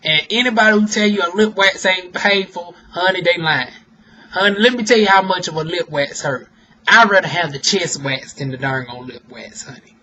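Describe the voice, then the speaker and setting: A man's voice: high-pitched, moderate pace, lo-fi sound, slight background noise. A young man, chatting sassily to his viewers in a casual vlog and calling them "honey" and "y'all.". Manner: sassy, expressive, talks straight to viewers with "honey" and "y'all". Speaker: vlogger and aesthetician.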